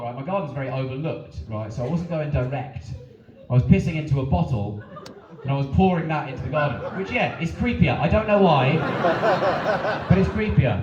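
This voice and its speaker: A male stand-up comedian who tells his stories with sweary, self-mocking energy. His fairly high voice swings widely in pitch. The sound is dull and distant, in an echoey venue with noise behind it.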